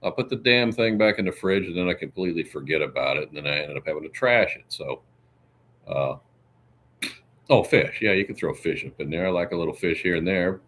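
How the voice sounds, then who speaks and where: A man's voice: low voice, expressive, a little fast, fairly bright tone, slight background noise. A man hosting a casual livestream, rambling through chat questions and answering them one by one. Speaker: livestream host.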